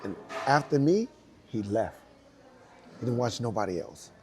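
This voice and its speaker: Guy dancer spinning a story, laughs a lot, swears, acts out everyone, mid pitch. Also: unhurried. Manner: lively, laughing, profane anecdote telling with acted quotes. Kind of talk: animated storytelling.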